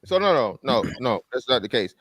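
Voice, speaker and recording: A man's voice: mid-range voice, sing-song, a little fast, fairly bright tone, no echo. A man on a podcast panel, blunt and provocative, talking over the others in a heated argument. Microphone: studio microphone.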